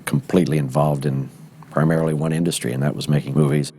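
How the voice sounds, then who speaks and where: A man recalling old times in a wistful, unhurried documentary interview. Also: a bass voice, little pitch movement, dark tone, breathy edge.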